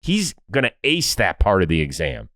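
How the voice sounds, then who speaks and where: A man with a fairly low voice, recorded close and dry. His pitch moves a lot as he tells stories, and he drops into lower voices to quote other people. It sounds like easygoing podcast chat. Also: moderate pace, no echo. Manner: animated storyteller, acts out quotes in lowered voices. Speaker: podcast guest. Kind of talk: casual conversation.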